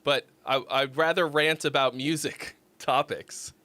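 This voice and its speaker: A man's voice: on the high side, steady tone, measured pace, bright, forceful tone, no room sound. A man hosting a casual music critique livestream, rambling and laughing as he thinks aloud. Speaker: host.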